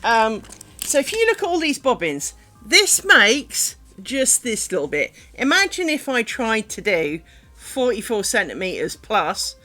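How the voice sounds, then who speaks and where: A woman's voice: on the high side, sing-song, a little slow, sharp tone, soft background music. A woman with a light London-ish English accent, chatting casually on a craft stream while she works. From England. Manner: chatty, rambling, muttering to herself while working. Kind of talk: casual live-stream chat while making lace.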